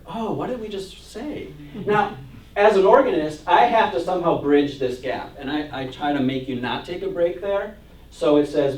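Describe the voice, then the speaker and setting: A man's voice: a little high, lively intonation, normal speed, darkish tone, slight background noise. A male church music minister and organist gives a chatty, joking class talk. He reads hymn verses aloud and laughs often. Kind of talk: informal lecture to a church adult class. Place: church meeting room. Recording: roomy echo, voice from far off the mic.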